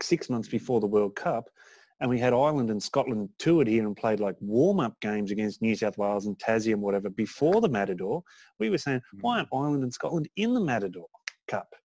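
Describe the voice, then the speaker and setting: A man's voice: on the low side, a little mellow, no room sound. An Australian man hosting a casual sports chat, rambling with restarts and casual swearing. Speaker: podcast host.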